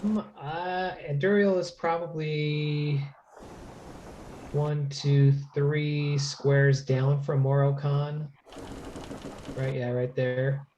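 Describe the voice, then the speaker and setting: Tabletop player, flat slow delivery, mellow tone, dull sound. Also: mid-range voice, slight background noise. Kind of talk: tabletop role-play.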